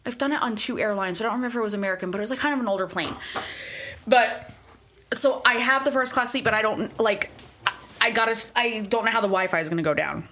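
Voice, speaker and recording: A young woman co-hosting a casual podcast, telling quick stories and laughing often. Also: a little high, bright, forceful tone, slight background noise. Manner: chatty, quick storyteller who laughs a lot. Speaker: podcast co-host. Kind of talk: casual chat.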